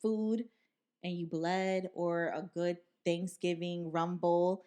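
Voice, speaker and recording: A woman's voice: lowish voice, flat delivery, takes it slowly, warm tone. Brief: young woman podcast host, casual profane storyteller, acts out quotes.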